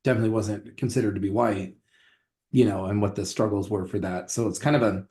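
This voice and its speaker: A man's voice: on the low side, steady tone, quick pace, dark tone. A man who teaches history, co-hosting a casual podcast and rambling with restarts and fillers.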